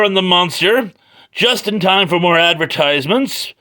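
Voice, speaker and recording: A man's voice: high-pitched, lively intonation, moderate pace, sharp tone. A man doing a casual, joking comic book review from his garage, full of wry asides. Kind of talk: casual read-through review. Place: home garage.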